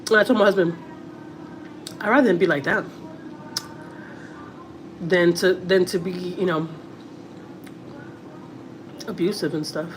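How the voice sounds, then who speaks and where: A woman's voice: lowish voice, steady tone, unhurried, pauses often, a little hiss or hum. A middle-aged woman with a Texas accent chatting casually to viewers on a family livestream, repeating words and using many fillers.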